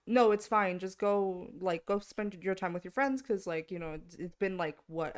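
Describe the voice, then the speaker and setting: A young woman co-hosting a podcast, telling a story in casual chat and laughing often as she quotes her mom. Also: lowish voice. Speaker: podcast co-host.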